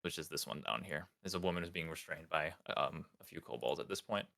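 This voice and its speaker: A man's voice: rumbling low, fairly quick, vocal fry, pushed and bright. A man narrating as game master in a tabletop game, rambling with many fillers.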